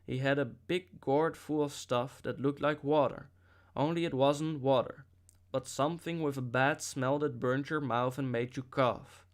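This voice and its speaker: A man narrating a novel as an audiobook reader, with a steady storytelling delivery and occasional slips. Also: mid-range voice, a little slow.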